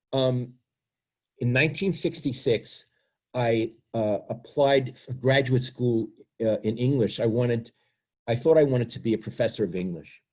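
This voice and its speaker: A man's voice: medium pitch, a little mellow. A man, reading from his book and then talking about himself in a reflective, self-deprecating way. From Brooklyn, New York. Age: 70s. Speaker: author.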